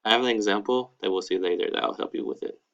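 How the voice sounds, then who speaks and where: A man's voice: on the low side, fast, fairly bright tone, lo-fi sound. Casual man teaching a lesson. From United States. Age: 20s. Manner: casual, upbeat, peppered with "all right, cool". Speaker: Spanish teacher. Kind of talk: online lesson.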